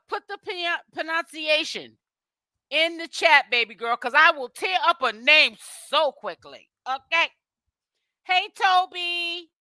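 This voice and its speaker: A woman's voice: sits high, bright, forceful tone, no echo. A woman hosting a live stream, chatting casually and greeting viewers one by one, often stumbling over names. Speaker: livestream host.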